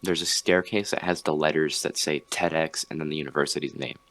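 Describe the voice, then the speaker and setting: A young podcast host with a very deep voice tells a long story in a loose, rambling way. He leans on fillers and restarts and acts out the quotes as he goes. The sound is dry, with no room echo. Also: steady tone, a little fast, fairly bright tone. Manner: rambling, filler-heavy retelling with acted quotes. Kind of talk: casual storytelling chat.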